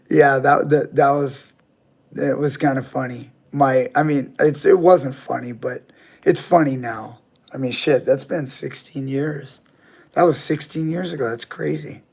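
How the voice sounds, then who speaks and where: Grappling coach host, man, gravelly mid-pitched voice, candid, talks to his chat. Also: darkish tone. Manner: candid, swears casually. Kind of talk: casual live-chat storytelling.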